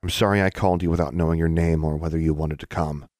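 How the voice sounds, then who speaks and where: An earnest young witch in an audiobook, read by a man with little change from his low, dry narrating voice. Quiet and polite in tone. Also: steady tone, quick pace, no room sound. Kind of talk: audiobook reading.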